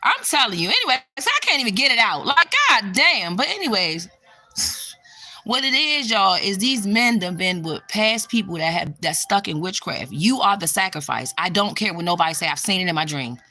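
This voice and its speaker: A woman's voice: mid-range voice, big pitch swings, moderate pace. Blunt, profane young woman vlogger. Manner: blunt and profane, bursts into loud exclamations; reacts to live chat comments. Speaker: spiritual vlogger. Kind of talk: casual livestream chat.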